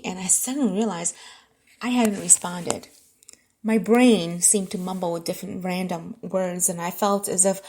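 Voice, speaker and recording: A woman narrates a first-person romance audiobook with lively expression. Her voice sits at a middling pitch, and at tender moments she sinks into a soft, breathy near-whisper.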